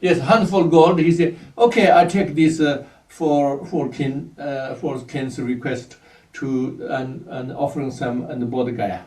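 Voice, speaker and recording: A man whose first language is Tibetan, giving a Buddhist teaching in halting English and often stopping to search for words. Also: mid-range voice, fairly even intonation, darkish tone, roomy sound, far from the mic. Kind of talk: dharma teaching.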